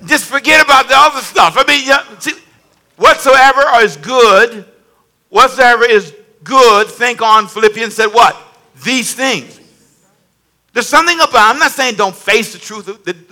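A man preaching a sermon as pastor, telling funny stories and calling for the congregation to answer back. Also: high voice. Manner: animated, humorous storytelling with call-and-response.

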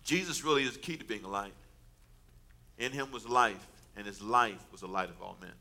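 A pastor preaching a casual, storytelling sermon, joking and conversational with the congregation. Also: male voice, fairly low pitch, moderate pace, creaky. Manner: conversational, animated, self-mocking storyteller.

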